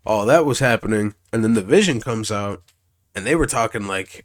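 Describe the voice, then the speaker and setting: A man's voice: lowish voice, expressive, moderate pace. A young man casually recapping wrestling shows, rambling, swearing, restarting sentences and acting out what others said.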